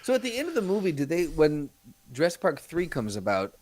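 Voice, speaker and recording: A man co-hosting a podcast in casual chat, asking quick questions and teasing his co-host. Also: a little high, huge pitch swings, a little mellow, a little hiss or hum.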